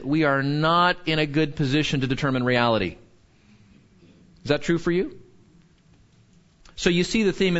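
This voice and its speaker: A man preaching a sermon in an animated way, asking the listeners questions and acting out quotes. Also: fairly high pitch. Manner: animated, full of rhetorical questions, acts out quotes. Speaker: pastor. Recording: dull lo-fi sound.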